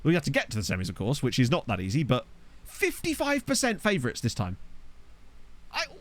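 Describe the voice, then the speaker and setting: A man talking through a football management game, chatty and loose, swearing freely and chuckling at his own asides. His voice sits at an ordinary middle pitch but bounces around a lot as he reacts. He records at a desk microphone. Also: huge pitch swings, a little fast, a little hiss or hum. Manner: chatty, swears casually, laughs at own jokes. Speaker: gaming YouTuber. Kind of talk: let's play commentary. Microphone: desktop USB microphone.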